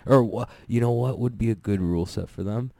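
A young man casually recapping events in a rambling, excitable way, swearing and laughing often. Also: fairly low pitch, fairly quick, vocal fry, no echo, clean studio sound. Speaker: podcast host recapping jiu-jitsu events.

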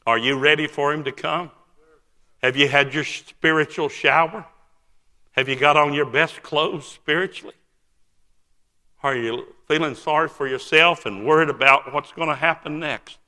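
A man's voice: fairly high pitch, bright, forceful tone. A man preaching a sermon, telling a story in an emphatic, folksy way. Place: church sanctuary. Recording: long church hall reverb.

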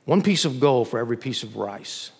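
A male pastor preaching a sermon in a church, emphatic, swinging from loud peaks to soft drops. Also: mid-range voice, lively intonation, brisk, creaky, slightly rough, long reverb tail.

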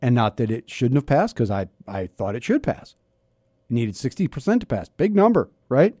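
A man's voice: mid-range voice, big pitch swings, normal speed, dark tone, dry recording, clean studio sound. Chatty radio host man in his fifties. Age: 50s. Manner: chatty, self-interrupting, wry. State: slightly scratchy throat. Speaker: radio talk show host. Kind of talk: casual talk radio. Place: radio studio. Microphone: studio microphone.

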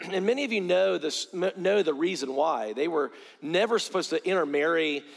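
A man's voice: on the high side, animated, normal speed, creaky. A man preaching a sermon, earnest, often repeating words as he starts a phrase. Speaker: pastor. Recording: long hall reverb.

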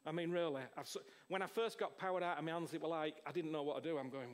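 A man, preaching an informal charismatic sermon in an excitable, rambling way. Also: on the high side, quick pace.

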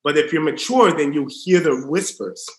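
A man preaching in an earnest sermon style, dropping to a hush for emphasis. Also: on the high side, moderate pace. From Southern US. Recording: roomy echo.

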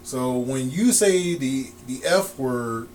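A man's voice: mid-range voice, expressive, takes it slowly, a little mellow. A man co-hosting a casual wrestling chat podcast, rambling with restarts and frequent laughs. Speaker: podcast co-host.

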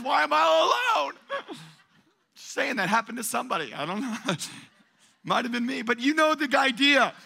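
Bright-voiced, high-pitched male pastor preaching. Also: vocal fry. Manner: call-and-response preaching, energetic and emphatic. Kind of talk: sermon. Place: church.

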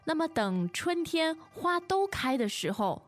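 A woman co-hosting a podcast language lesson, speaking clearly and affirming her partner often. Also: extremely high pitch, very animated, soft background music. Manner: speaks slowly, clearly, with many short affirmations. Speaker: language teacher and co-host.

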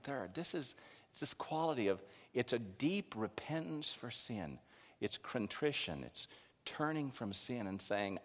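Pastor, male, lively swooping delivery, heard in a long-reverb hall. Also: mid-range voice. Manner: animated preaching, rising to loud emphasis. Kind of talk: sermon.

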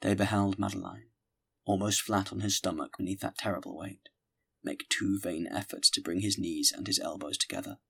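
Deep gravelly male narrator. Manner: measured, steady reading. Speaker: audiobook narrator. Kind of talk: scripted audiobook narration.

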